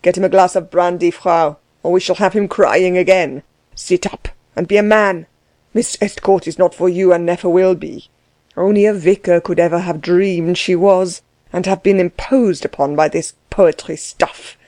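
A woman's voice: lowish voice, steady tone, moderate pace, a little mellow, no room sound, close to an everyday voice. A woman reading aloud, voicing a harsh, bossy middle-aged German man who laughs at others. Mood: commanding.

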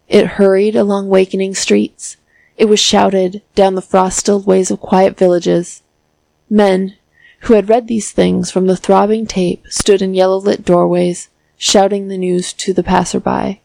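A woman reading a classic story aloud as an audiobook narrator, in a measured, steady, phrase-by-phrase delivery. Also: mid-range voice, gravelly, dry recording, poor audio.

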